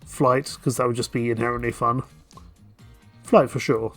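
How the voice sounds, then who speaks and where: A man's voice: medium pitch, steady tone, normal speed, a bit bright, faint music behind. A man streaming a game, joking and self-deprecating in casual commentary.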